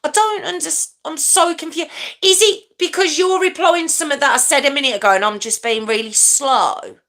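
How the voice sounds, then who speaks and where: A woman's voice: high-pitched, moderate pace, a bit bright. A woman in her forties hosting a casual live stream, chatty and rambling, teasing herself and answering viewer comments.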